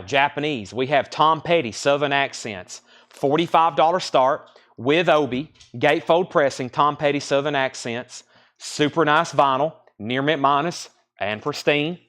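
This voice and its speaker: A mid-pitched man runs a live-streamed record sale. He moves briskly through the stock, naming each record, its condition and its price. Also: fairly bright tone.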